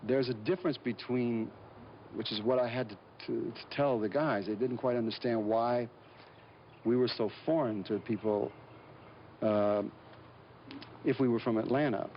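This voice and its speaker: A man being interviewed as an actor, telling stories in a relaxed, rambling way with lots of fillers and restarts. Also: mid-range voice, a little slow, long pauses. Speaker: actor guest. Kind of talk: casual anecdotal interview talk. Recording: dull lo-fi recording with faint hiss.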